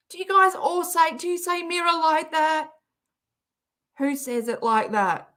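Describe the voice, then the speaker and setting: Woman, Australian accent, livestream host, chatty, giggly, slow, fairly high. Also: expressive, a bit bright. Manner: chatty, giggly, reads out chat messages. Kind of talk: casual chat reacting to a clip.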